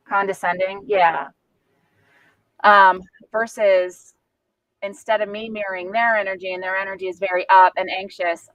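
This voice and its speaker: A woman's voice: medium pitch, fairly bright tone, lo-fi sound. Woman searching for words as a trainer. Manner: conversational, searching for words mid-sentence. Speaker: de-escalation trainer. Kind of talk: live training talk. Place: training room with a group.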